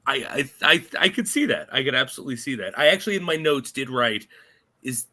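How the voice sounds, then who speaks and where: Bright-voiced man hosting a film podcast. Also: medium pitch, animated, fairly quick. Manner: enthusiastic, leads the discussion. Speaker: podcast host. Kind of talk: casual chat.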